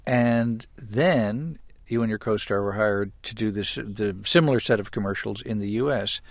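A man's voice: lowish voice, moderate pace, no room sound. A man hosting a broadcast interview, asking playful, teasing questions. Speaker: radio interviewer.

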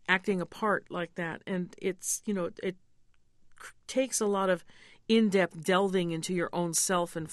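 A woman's voice: lowish voice, no room sound. Articulate woman opera singer, dry studio. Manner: thoughtful, candid, coaches pronunciation slowly. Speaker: opera singer, mezzo-soprano guest. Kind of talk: interview conversation.

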